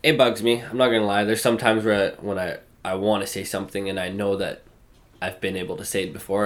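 Frank rambling man, lowish voice. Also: fairly even intonation, quick pace, fairly bright tone. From French-speaking Canada. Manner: rambling, filler-heavy, frank. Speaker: interviewee. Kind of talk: casual interview chat.

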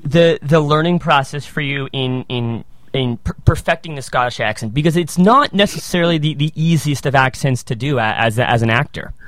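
A man interviewing a performer, asking questions with halting repeats. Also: medium pitch, a bit bright, dry recording.

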